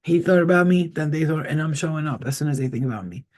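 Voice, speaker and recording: A man's voice: fairly high pitch, fast. A man, a psychic reader, chatting casually with his viewers on a live stream, rambling and swearing freely.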